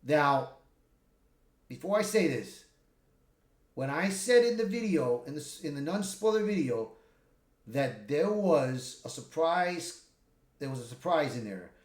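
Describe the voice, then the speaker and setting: A man giving a casual spoiler review of a film, retelling the plot in an excitable, rambling way with many restarts and swearing. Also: a little high, unhurried, pauses often. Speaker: movie reviewer. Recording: echoey room.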